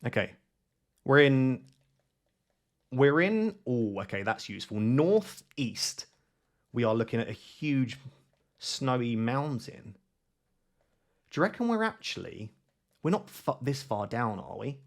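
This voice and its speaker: A man giving live gameplay commentary, thinking aloud in an excitable, self-questioning way. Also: medium pitch, unhurried, gravelly, pauses often. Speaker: gaming YouTuber.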